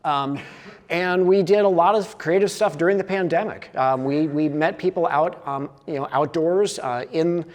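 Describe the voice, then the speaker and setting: Guy giving a conference talk, kinda high voice, lots of ums and restarts, echoey hall. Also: moderate pace. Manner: filler-heavy, with many uhs and restarts. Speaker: conference presenter. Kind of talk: conference presentation.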